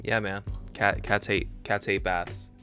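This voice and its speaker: A young man hosting casual reaction commentary, joking and animated, often restarting his phrases. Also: fairly low pitch, measured pace. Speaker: reaction channel host. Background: faint background music.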